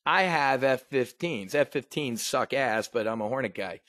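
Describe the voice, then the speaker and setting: A man's voice: medium pitch, animated, normal speed, fairly bright tone, dry recording, clean studio sound, natural voice. A man doing a sneering mock impression of a blustering old male politician.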